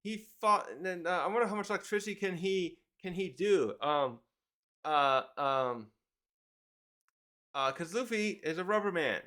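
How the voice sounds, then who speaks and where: A man's voice: high voice, moderate pace, bright, forceful tone. A man casually reviewing a manga chapter, rambling, correcting himself and reading the panels aloud.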